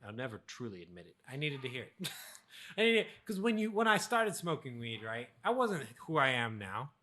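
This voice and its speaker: A man's voice: mid-range voice, very animated, normal speed, pushed and bright. A young man co-hosting a casual podcast chat, telling stories about his past and laughing often. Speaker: podcast co-host.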